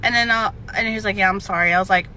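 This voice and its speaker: A woman's voice: medium pitch, steady tone, racing, pushed and bright, slight background noise. A woman telling a dating story in a casual clip, rambling and frustrated as she quotes what was said. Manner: rambling, frustrated, quoting others.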